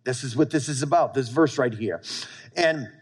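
A man's voice: mid-range voice, normal speed, slightly rough. A man preaching a sermon to his church, emphatic and repetitive, often asking the congregation for an amen. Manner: emphatic preaching, repeating lines and calling for amens. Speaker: pastor.

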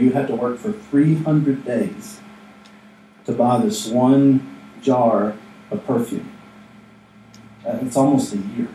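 A man's voice: mid-range voice, dark tone, slight background noise. Casual preaching man in an echoey hall. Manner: conversational, jokey, acts out asides. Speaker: pastor. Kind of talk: casual sermon. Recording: echoey room, mic from a distance.

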